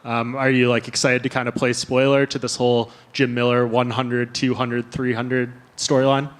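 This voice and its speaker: A man working as a reporter, asking plain, steady questions at a media scrum. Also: mid-range voice, normal speed. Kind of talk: interview questions.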